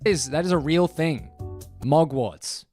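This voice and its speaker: A man's voice: slow pace, darkish tone. Male video-essay narrator, sarcastic and exasperated, faint background music. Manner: sarcastic, exasperated, swings between high and low. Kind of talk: scripted commentary narration.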